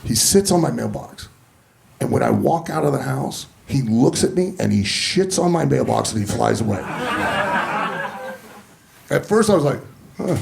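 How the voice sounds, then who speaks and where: A man in his fifties telling profane, animated stories during a stand-up set on a comedy club stage. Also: on the high side, creaky. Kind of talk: stand-up storytelling.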